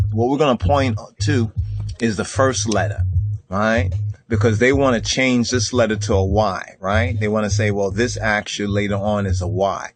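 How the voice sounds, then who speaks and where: A man teaching from a screen share, checking in with "right?" after nearly every phrase and repeating words as he goes. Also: on the low side. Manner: Rastafari speech, says "I and I". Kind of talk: screen-share lecture on ancient symbols.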